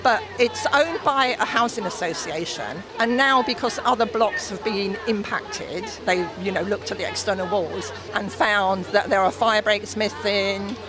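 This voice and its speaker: A woman's voice: medium pitch, a little slow, hardly any pauses, rough recording. A middle-aged woman interviewed outdoors at a protest, speaking with emotion and indignation, at times choked up. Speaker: protester, mother of affected resident. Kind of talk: radio interview on location. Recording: crowd noise behind. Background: crowd.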